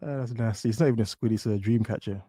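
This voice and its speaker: Male reactor, very dark mellow tone, dry close sound, sarcastic jabs. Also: on the low side, quick pace, breathy edge, no room sound. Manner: mocking, sarcastic questioning. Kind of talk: reaction commentary.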